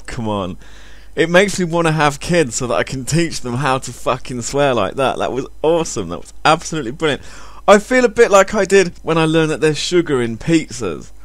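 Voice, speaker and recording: A man's voice: a little high, no echo. A man doing sarcastic comedic commentary on a video, swearing heavily. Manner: sarcastic, heavy swearing, animated.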